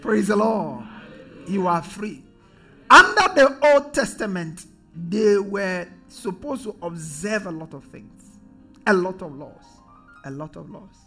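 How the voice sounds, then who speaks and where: Man, preacher, high voice, call-and-response sermon, faint music behind. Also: sing-song, slow, husky. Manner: call-and-response, emphatic, often rising to shouts. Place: church.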